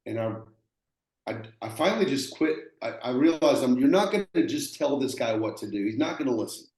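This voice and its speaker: Texan man, mid-pitched, earnest plainspoken storyteller, roomy echo. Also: animated, brisk, a little mellow. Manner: earnest, plainspoken, repeats himself and acts out quoted voices. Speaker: roofing contractor, guest. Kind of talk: conversational storytelling. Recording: echoey room.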